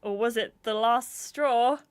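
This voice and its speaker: A woman's voice: on the high side, takes it slowly, clear, resonant tone. A woman streaming a game, chatting and giggling as she reads the game text aloud. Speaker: gaming streamer. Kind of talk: livestream game playthrough, reading aloud.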